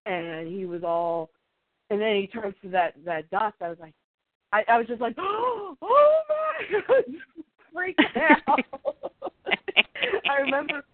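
A woman chatting about comics with a co-host, excitable, often jumping up into gleeful squeals and laughter. Her voice is of middling pitch. It comes over a dry, narrow, phone-like line. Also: unhurried, pauses often, no echo. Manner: excitable, bursts into high squeals of glee when retelling reactions. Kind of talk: casual chat about comics.

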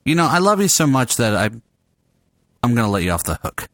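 A man's voice: mid-range voice, sing-song, a little fast, fairly bright tone, dry recording, clean studio sound. A man directing a comedy script read-through, teasing and swearing as he jokes with the cast. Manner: teasing, profane, laughing often. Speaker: director of a comedy audio play reading. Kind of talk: joking banter during a script read-through.

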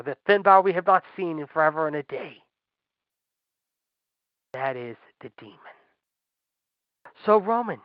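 A man's voice: fairly high pitch, no room sound. A man hosting a wrestling podcast, ranting in a profane, sarcastic and fired-up way. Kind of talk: ranting commentary. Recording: dull lo-fi dry recording.

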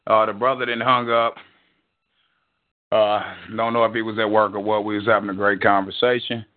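A man's voice: fairly low pitch, level tone, normal speed. A middle-aged man hosting a live stream, out of breath, cursing and rambling casually at his viewers. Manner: profane, rambling, addresses viewers as "y'all". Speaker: livestream show host. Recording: tinny phone-like audio.

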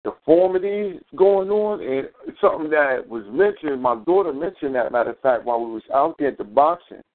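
A man's voice: on the high side, expressive, a little fast. A man hosting a casual live talk show, ranting in a heated, profane, rambling way. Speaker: show host. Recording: tinny phone-quality audio.

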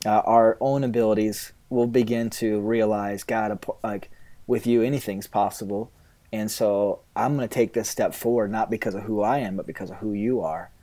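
A man, a pastor, answering interview questions in an earnest, halting way, often quoting his own prayers. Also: on the low side, warm tone.

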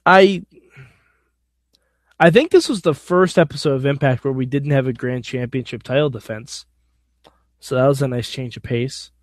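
A man's voice: mid-range voice, moderate pace, pauses often, dry recording, clean studio sound. A man hosting a podcast alone, giving a casual wrestling recap in an opinionated, blunt, sometimes profane way. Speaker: podcast host.

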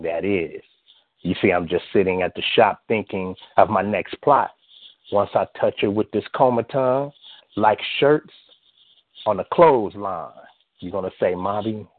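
A slightly hoarse man performs spoken-word poetry, rolling through rhythmic lines that jump into high bursts. The sound is thin and phone-like, with a dry, close feel. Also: dry recording. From US West Coast. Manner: rhythmic, rising delivery with sudden high bursts. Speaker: poet. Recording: tinny phone-like line, dry.

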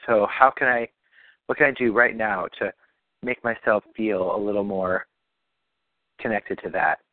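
A man with a lowish, steady voice takes his time leading a practitioner call, coaching casually in a meandering, reassuring way and repeating himself often. The audio comes over a phone or call line, dry and free of room sound.

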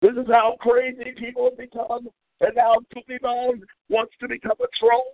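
A man's voice: extremely high pitch, completely flat delivery, moderate pace, no echo. A man hosting a call-in radio show, delivering an angry, profane, mocking rant. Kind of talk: ranting call-in radio monologue. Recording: tinny phone-like audio.

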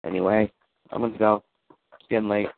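A man on a call, telling a story in casual chat, animated and swearing, acting out the lines he quotes. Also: lowish voice, a little fast, gravelly, dry recording. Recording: tinny phone line.

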